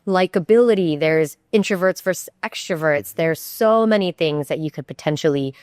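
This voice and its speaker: A woman with a low, smooth voice explains her thinking through example after example. She talks conversationally, restarting sentences as she goes. The recording is dry and close. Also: normal speed, darkish tone, no echo. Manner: explanatory, uses many examples, frequent restarts. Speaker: guest, networking consultant. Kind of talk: conversational podcast interview.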